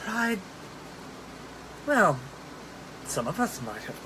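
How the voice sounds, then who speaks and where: A man's voice: high-pitched, sing-song, slow pace, sharp tone, a little hiss or hum, low-quality recording. A man who is a drag performer, chatting backstage at a bar with dry, teasing humor, often dropping to a murmur. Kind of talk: casual backstage chat.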